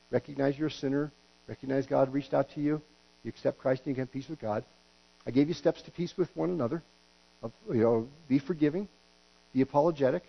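A man's voice: fairly high pitch, gravelly. A middle-aged man preaching a sermon as pastor, folksy and joking, with stumbling restarts and acted-out quotes. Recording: dull lo-fi recording with hum.

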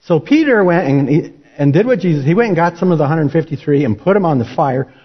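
Brief: male preacher, relaxed storyteller, slightly high voice, muffled lo-fi sermon recording. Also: fast, husky. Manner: folksy, conversational storytelling. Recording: dull lo-fi recording.

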